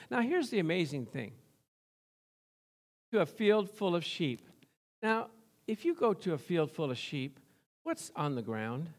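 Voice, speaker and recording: A man preaching a sermon, swelling into excited call-and-response with repeated amens and storytelling. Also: on the high side, measured pace, pauses often. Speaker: pastor.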